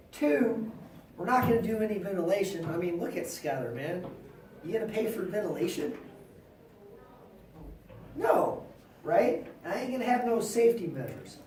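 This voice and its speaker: A male teacher giving an animated, slangy classroom lecture, acting out little scenes with his students. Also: high voice, a little hiss or hum. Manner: animated, slangy, acts out quotes. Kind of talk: classroom lecture with role-play. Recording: echoey classroom from far off.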